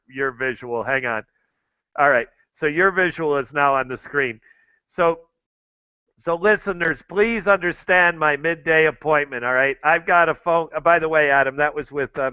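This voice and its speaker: A man's voice: a little high, pushed and bright, clear, resonant tone, no room sound, muffled recording. A middle-aged American man hosting a show, chatting casually and addressing his listeners directly over and over. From United States. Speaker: host.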